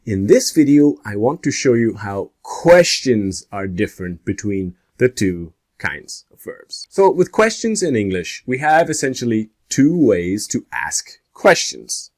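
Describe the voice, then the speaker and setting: Male English teacher, lowish voice, measured and deliberate, spells out example questions. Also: very animated, darkish tone. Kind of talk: grammar lesson to camera.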